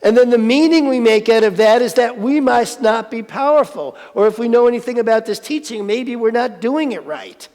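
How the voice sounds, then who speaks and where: High-voiced, gravelly male spiritual speaker. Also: normal speed, hardly any pauses, darkish tone. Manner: conversational, playful, asks the audience questions. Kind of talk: sermon. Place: spiritual centre sanctuary. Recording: reverberant hall.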